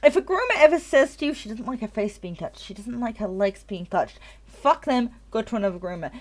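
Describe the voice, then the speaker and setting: Animated, tipsy woman ranting on stream. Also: on the high side, fairly quick. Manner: rambling and profane, repeats herself. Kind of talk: casual chat on a live game stream.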